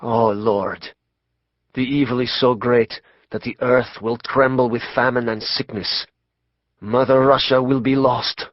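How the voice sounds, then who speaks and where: A man narrating an audiobook voices a grave male mystic prophesying doom, slow and hushed. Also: medium pitch, fairly even intonation, no room sound, muffled recording, natural voice. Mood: foreboding. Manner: slow, hushed, ominous delivery. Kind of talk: audiobook character voice.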